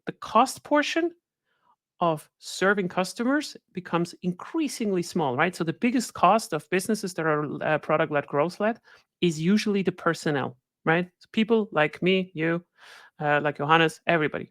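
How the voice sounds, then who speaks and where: A woman's voice: fairly low pitch, moderate pace, no room sound, studio quality. A woman giving a conversational webinar talk as guest speaker, often checking in with her listeners by asking "right?". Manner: conversational, keeps adding "right?" tag questions. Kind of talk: webinar presentation.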